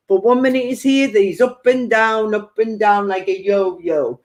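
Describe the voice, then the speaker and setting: A woman's voice: mid-range voice, moderate pace, few pauses. A woman working as a spiritual medium, giving a chatty live-stream psychic reading and passing on spirit messages with playful quoted asides.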